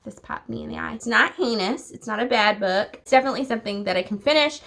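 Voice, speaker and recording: A woman's voice: a little high, fast, gravelly, fairly bright tone. A young woman vlogging at home, chatting casually and with opinions about books she has been reading, with many filler words. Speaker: book vlogger. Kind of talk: casual vlog chat. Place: home at night.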